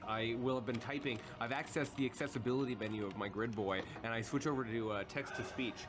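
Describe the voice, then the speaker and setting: A man's voice: mid-range voice, fast, music in the background. A man at a tabletop game narrating his character's actions with comic delivery.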